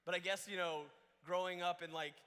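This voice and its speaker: A young man from Georgia telling a story as a camp speaker, animated and full of restarts and fillers, in a large auditorium on a stage mic. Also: high-pitched, a little fast, smooth. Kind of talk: storytelling sermon. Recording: long hall reverb.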